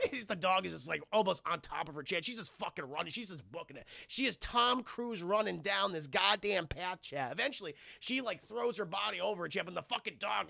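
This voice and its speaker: Streamer, male, high gravelly voice, bright tone, profane animated film recap to chat. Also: fast, hardly any pauses, dry recording, clean studio sound. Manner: animated, profane, acts out characters' lines in silly voices. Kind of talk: casual scene-by-scene film recap to live chat.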